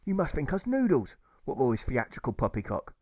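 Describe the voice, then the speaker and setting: A man's voice: medium pitch, huge pitch swings, brisk, a little mellow, no room sound, clean studio sound. A man doing a blustering angry labourer. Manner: blustering name-calling.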